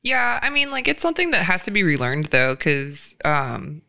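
A man's voice: sits high, sing-song, moderate pace, bright, forceful tone. A man in casual, reflective podcast conversation, laughing often and using many fillers. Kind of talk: casual chat.

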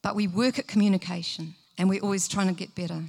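A woman's voice: mid-range voice, steady tone, fast, gravelly, darkish tone. A middle-aged woman, giving a sermon in an earnest, conversational way and asking the listeners questions. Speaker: preacher.

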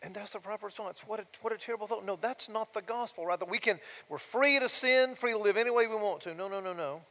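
A man with a high voice preaches from the pulpit of a church, pressing each point hard and tossing rhetorical questions out to the congregation. His voice rings out with a long hall reverb around it. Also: fast, sharp tone. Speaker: pastor. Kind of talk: sermon. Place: church sanctuary.

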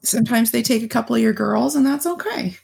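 A woman's voice: on the high side, lively intonation, quick pace, darkish tone. A woman co-hosting a podcast, telling blunt, profane stories in casual chat and often laughing. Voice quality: gravelly, husky. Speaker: podcast co-host.

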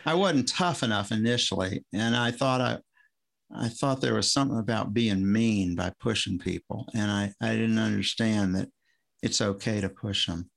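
A man's voice: on the low side, normal speed, gravelly. A man, a former swim coach, chatting on a podcast in a rambling, self-interrupting way, often restarting his sentences. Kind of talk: casual podcast conversation.

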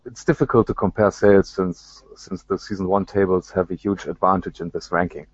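A man voicing a male pinball company boss with a put-on American accent, reading written answers in a measured, businesslike way. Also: sits low, fairly even intonation, breathy edge, no echo, dull audio.

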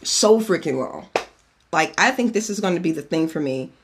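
A man's voice: fairly high pitch, animated, moderate pace, slight background noise. A man hosting a podcast in a casual chat, giving a cocktail recipe in a chatty, profane way and drifting off on tangents. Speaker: podcast host.

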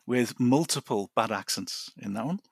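A man's voice: mid-range voice, expressive, normal speed, husky, dry recording. Male guest, chatty and rambling, frequent laughs, dry close sound. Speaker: podcast guest. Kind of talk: casual chat. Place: his garden.

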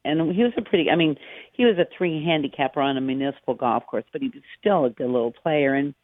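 A middle-aged American woman talks through a narrow, tinny phone line, her voice flat and dry with no room around it. She rambles warmly through stories as a guest in a casual interview, circling back on her own sentences. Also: deep voice, quick pace, dry recording. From United States. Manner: chatty, anecdotal storyteller. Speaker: guest, golf professional. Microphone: phone call.

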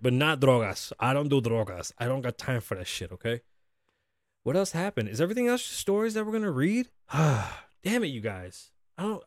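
A man hosting a podcast, talking casually and animatedly, swearing a lot and acting out quotes in loud bursts from a studio. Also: medium pitch, no echo. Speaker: podcast host. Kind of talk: casual profane talk-show rant.

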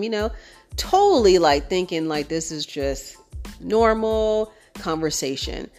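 A young adult woman hosting a podcast in a casual chat, talking in a relaxed, animated way, with features, and switching into voices when quoting friends. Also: lowish voice, moderate pace, soft background music. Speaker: podcast host.

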